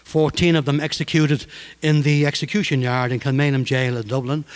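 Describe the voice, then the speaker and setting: A male storyteller on stage, narrating in a measured, dramatic way. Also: medium pitch, little pitch movement, clean tone. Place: stage performance. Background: guitar.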